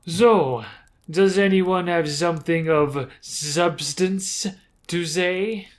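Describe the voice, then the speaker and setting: A man's voice: sits high, drawn-out words, pitched above the performer's own voice. Man doing a cold French-accented drow matriarch. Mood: contemptuous. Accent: put-on French. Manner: cold, haughty. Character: cruel imposing female drow matriarch, icy.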